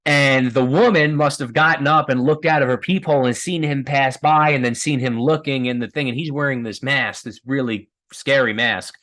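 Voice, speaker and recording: A man's voice: mid-range voice, steady tone, moderate pace, hardly any pauses, a bit bright. Chatty man telling set stories. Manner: rambling storyteller, many fillers and restarts, laughs often. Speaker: filmmaker guest. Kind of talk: casual anecdote telling.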